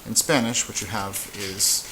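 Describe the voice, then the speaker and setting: A man teaching a casual whiteboard lesson, relaxed and halting, with frequent fillers and restarts. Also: on the low side, background noise. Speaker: Spanish teacher.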